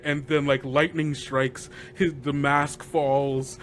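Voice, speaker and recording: A man, a game master guest, retelling a tabletop campaign session in a lively, rambling way, often laughing and filling gaps with "like.". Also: a little high, slow pace. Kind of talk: animated storytelling recap.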